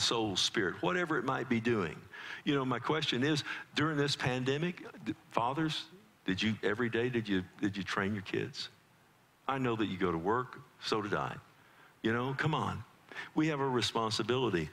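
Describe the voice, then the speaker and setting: A middle-aged male pastor preaches in a church sanctuary, speaking at a middle pitch. His delivery is animated and conversational, with frequent restarts and little asides to the congregation. His voice jumps up and down as he tells family stories. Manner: animated storytelling with quick pitch jumps for quoted child voices. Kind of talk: sermon.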